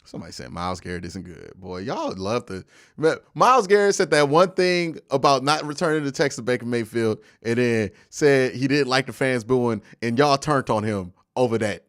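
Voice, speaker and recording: A young man talks straight into a close microphone on his live stream, animated and argumentative as he answers his viewers' messages. His voice swings up and down a great deal. The sound is dry, with no room around it. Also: medium pitch, moderate pace, no echo. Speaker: host of a live football post-game stream. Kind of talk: casual live-stream commentary.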